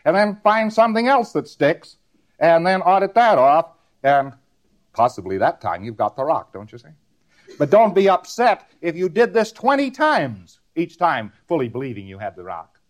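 A man's voice: on the high side, very animated, moderate pace. A man giving a recorded lecture, rambling and repeating words in rhythmic runs, often ending on a tag question.

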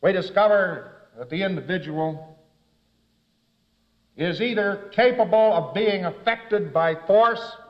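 A man giving a talk to an audience in a folksy, emphatic way that builds to forceful stretches. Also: sits high, slow. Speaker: lecturer. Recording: dull lo-fi recording.

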